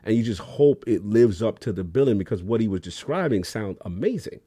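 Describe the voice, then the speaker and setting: A man co-hosting a gaming podcast in casual, slangy chat, acting out quotes with big jumps in pitch. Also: lively intonation, a little fast, dark tone, breathy edge, dry recording. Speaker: podcast co-host.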